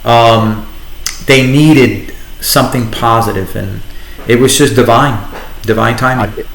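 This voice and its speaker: A middle-aged man with a New York accent, telling his story as a guest in a conversational interview, animated and restarting often. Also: medium pitch, slow pace, gravelly. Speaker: guest, entrepreneur and radio host. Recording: echoey room.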